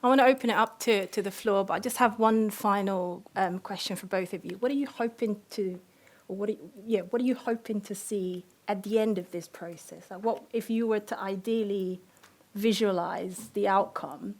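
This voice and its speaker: A woman's voice: medium pitch, moderate pace. A woman moderating a panel discussion, attentive and giving frequent short affirmations.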